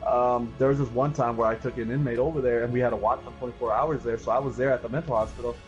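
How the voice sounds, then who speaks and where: A young man hosting a casual podcast talk, telling animated stories and saying bro a lot. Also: mid-range voice, fast talker. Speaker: streamer and podcast host. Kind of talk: casual chat, storytelling. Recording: dull lo-fi stream audio. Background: faint music.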